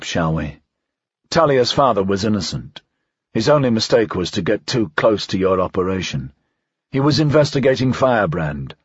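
A man voicing a bitter, defiant conspirator near death, his words slurred and slow in an audiobook reading. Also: fairly low pitch, slightly rough, no room sound, dull audio. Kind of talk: audiobook character voice.

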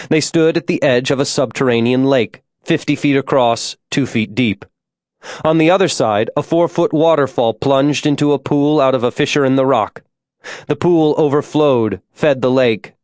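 A man's voice: medium pitch, a little mellow, dry recording. Man narrating a story, dry close sound. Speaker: audiobook narrator. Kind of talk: scripted narration.

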